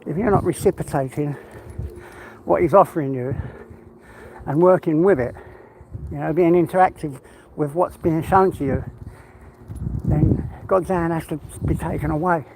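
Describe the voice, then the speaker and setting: An English man records himself with a phone while walking outdoors, a bit breathless. His voice sits a touch high with a gravelly edge, and the rambling chat picks up clear outdoor noise in the background. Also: moderate pace, pauses often, darkish tone, poor audio. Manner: casual, rambling, talks to his dog. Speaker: vlogger. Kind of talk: walk-and-talk vlog. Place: outdoors on a walk.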